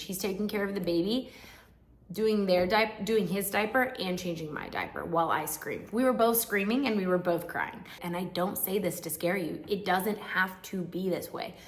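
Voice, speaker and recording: A woman's voice: fairly low pitch, echoey room. A young woman vlogger telling her own story to camera in a frank, emotional, chatty way with many asides. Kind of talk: candid personal storytelling to camera.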